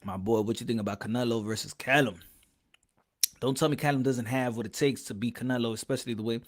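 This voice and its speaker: A man's voice: mid-range voice, fast. A man hosting a casual boxing live stream, hyped and repeating his phrases. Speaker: podcast host.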